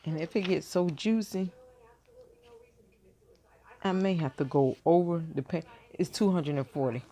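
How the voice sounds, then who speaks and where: A woman's voice: on the low side, measured pace, mellow, a little hiss or hum. A woman in her fifties chatting casually to her viewers from bed, rambling and thinking aloud with many fillers and restarts. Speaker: vlogger. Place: in bed at home.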